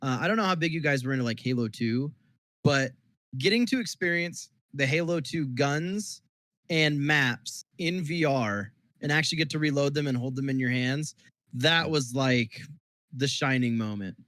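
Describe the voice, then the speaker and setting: A man's voice: medium pitch, moderate pace, a bit bright, dry recording. A young man co-hosting a podcast in casual, jokey chat, steering the topics. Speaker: podcast co-host.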